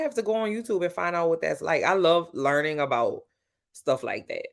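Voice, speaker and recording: A woman's voice: low voice, animated, normal speed. Chatty New Orleans woman, blunt and talkative. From New Orleans, USA. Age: adult with grown-up sons. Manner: talkative, blunt, peppered with "child" and "baby". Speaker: livestream host. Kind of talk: casual livestream chat with viewers.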